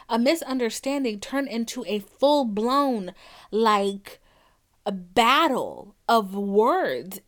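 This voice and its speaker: A young woman hosting a podcast, talking bluntly and with lots of swearing, acting out arguments she has had. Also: on the high side. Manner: blunt, profane and animated, acting out quoted arguments. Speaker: podcast host. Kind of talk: candid podcast talk.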